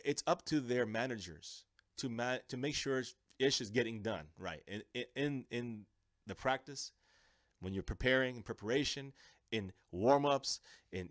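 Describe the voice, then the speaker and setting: Male fan-show host, mid-pitched, animated ranter, dry close recording. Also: dry recording. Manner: animated, ranting, repeats and restarts words. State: under the weather. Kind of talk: live-stream sports rant.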